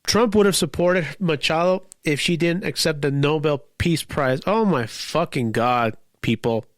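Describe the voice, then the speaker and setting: A man hosts his own show and launches into a heated, profane political rant, stumbling over his words as he goes. His voice sits somewhat high for a man. The sound is dry and close, with no room echo. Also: measured pace. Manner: profane, heated, rambling with restarts. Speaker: podcast host.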